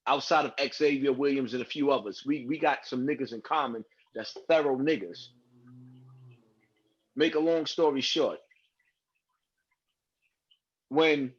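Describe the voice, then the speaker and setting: A man's voice: medium pitch, a bit bright, husky, lo-fi sound. A man speaking as a guest on a live stream, earnest and rambling, over video-call audio.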